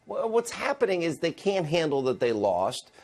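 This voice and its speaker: A man's voice: on the high side, sing-song, moderate pace, darkish tone. A man hosting a cable news interview, opinionated and combative. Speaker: host.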